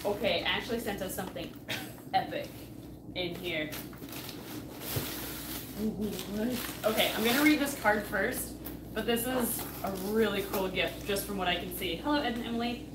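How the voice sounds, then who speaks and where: A chatty, excitable woman co-hosting a casual chat while opening fan mail. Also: medium pitch, moderate pace, long pauses, reverberant, recorded from a distance, background noise. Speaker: co-host.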